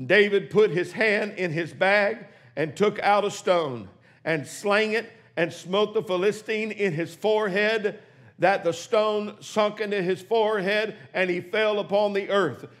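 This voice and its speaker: A man's voice: high-pitched, unhurried. A man pastor, preaching a sermon to a congregation and calling out to them, in a church sanctuary. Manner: preaching with rising shouts and calls to the congregation.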